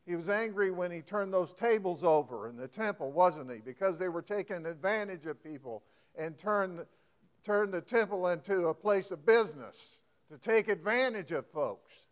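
A man's voice: high-pitched, lively intonation, normal speed. A man preaching a folksy sermon, often asking the congregation questions and getting emphatic.

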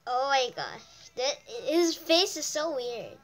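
A woman's voice: sits high, sing-song, takes it slowly. A woman giving casual reaction commentary on videos, exclaiming with surprise as she watches. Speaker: YouTuber.

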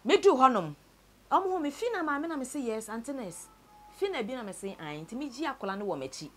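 A Ghanaian woman telling a sad story from her own life, mixing Twi and English, her voice often sinking low and quiet. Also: big pitch swings, fast talker. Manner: tells a sad story, switches between Twi and English, voice sinks low and soft. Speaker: interviewee. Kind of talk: personal story told to camera.

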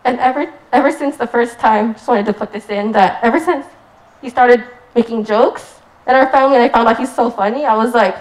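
A woman's voice: fairly high pitch, brisk, low-quality recording. A young woman from the United States giving a rambling, giggly wedding toast with lots of "like.". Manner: giggly, rambling, says "like" often.

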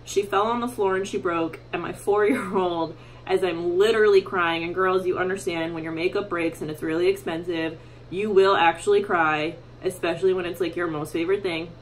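A woman's voice: lowish voice, steady tone, moderate pace, slight background noise, poor audio. A young woman chatting casually through a makeup tutorial at home in her bathroom, full of fillers and self-mocking asides. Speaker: beauty vlogger.

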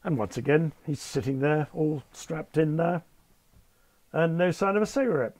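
An older man telling stories as a podcast guest, wry and understated, with polite, measured phrasing. His voice is slightly husky and the recording is close and dry. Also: on the high side, expressive, darkish tone, no room sound. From United Kingdom. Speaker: retired Concorde captain, guest. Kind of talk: anecdotal interview storytelling.

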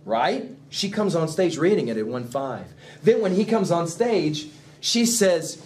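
A middle-aged man giving an emphatic classroom lecture on a play, animated and quick to chuckle as he explains. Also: on the high side. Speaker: literature teacher.

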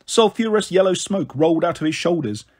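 High-voiced male storybook narrator. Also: lively intonation, brisk, darkish tone. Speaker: audiobook narrator.

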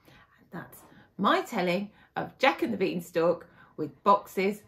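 A woman teacher telling a fairy tale to young children, with dramatic, hushed moments. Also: medium pitch, slow, creaky. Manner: expressive, dramatic, hushed asides.

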